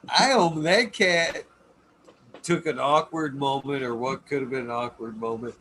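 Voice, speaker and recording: A man's voice: medium pitch, unhurried, pushed and bright, slight background noise. A man hosting a casual podcast chat, telling loose, profane stories and laughing, running a stream with a chat. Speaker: podcast host.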